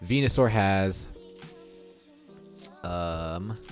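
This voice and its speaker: Low-voiced man chatting through a game. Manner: thinking out loud, chatty, many restarts and "I'm like" retellings. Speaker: gaming video creator. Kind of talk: casual game commentary over recorded play.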